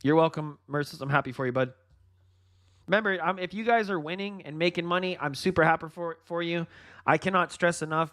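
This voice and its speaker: A man hosting a live trading stream, giving excited market commentary and talking straight to his viewers. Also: fairly high pitch, brisk. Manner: excited, hyped, laughs often; addresses viewers directly with "guys" and "folks". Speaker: livestream trading host.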